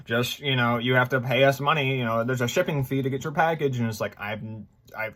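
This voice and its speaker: A man in his twenties talking to his viewers in a casual, rambling vlog, excitable and full of fillers. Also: mid-range voice, brisk. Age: 20s. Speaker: gaming YouTuber.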